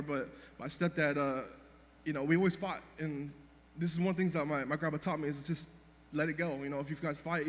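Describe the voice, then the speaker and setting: A young man giving an emotional, halting eulogy for his grandfather, rambling with many restarts and fillers. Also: a little high. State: emotional, grieving. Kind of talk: unscripted memorial speech. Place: church hall. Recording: reverberant hall, faint background hum.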